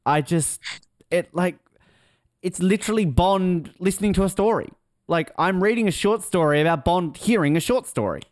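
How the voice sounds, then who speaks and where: A man's voice: high voice, lively intonation, moderate pace, no echo, clean studio sound. A man co-hosting a podcast in casual chat, rambling and interrupting himself, laughing often. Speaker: podcast co-host.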